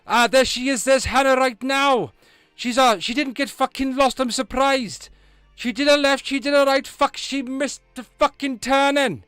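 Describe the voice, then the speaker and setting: A man putting on an exaggerated Welsh accent, loud and theatrical, in a sing-song way. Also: very high voice, steady tone, moderate pace, clean tone, no echo, faint music behind, voice pushed up. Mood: boisterous. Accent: Welsh (put on).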